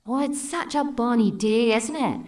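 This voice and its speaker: A woman's voice: fairly high pitch, lively intonation, moderate pace, a little mellow, distant mic, lightly acted. A woman voicing a cheerful young Scottish woman with a lilting, storybook delivery.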